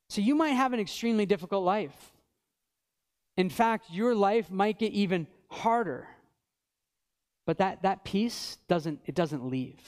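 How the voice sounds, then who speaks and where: High-voiced earnest male pastor preaching. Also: animated, a little slow. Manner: earnest, builds to fervent peaks then drops quiet; reads scripture aloud with emphasis. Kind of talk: sermon.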